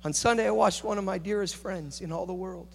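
Male pastor, high-pitched, preaching at a conference with swings from quiet story to loud exhortation, big reverberant hall. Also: brisk, gravelly, a little hiss or hum. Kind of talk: conference sermon.

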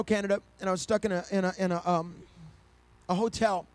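Middle-aged male preacher, high voice, dry close sound, storytelling sermon that swells into fervent shouting. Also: steady tone, fast talker, no echo. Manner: storytelling preacher, builds to loud passionate climax.

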